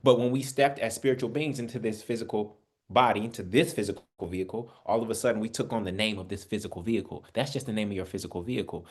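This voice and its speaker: This man speaks on the low side, quickly, with a breathy edge. He leads an online Bible study in a conversational preaching style, calling his listeners family and putting rhetorical questions to them as he gives spiritual teaching.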